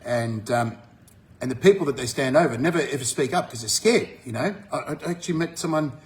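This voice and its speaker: Australian man, blunt vlog rant, swears a lot, mid-pitched voice, loud bursts when worked up. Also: lively intonation, brisk. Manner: forceful, swears freely, rises sharply when fired up. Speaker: vlogger. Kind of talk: blunt monologue to camera.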